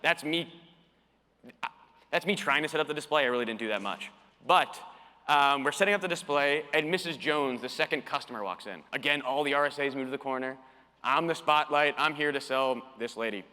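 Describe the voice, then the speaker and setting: Bright-voiced man telling a story in a reverberant hall. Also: a little high, fairly quick, clean tone. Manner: animated, acts out quoted dialogue. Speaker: conference speaker. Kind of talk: storytelling keynote talk. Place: conference hall. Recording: long reverb of a conference hall.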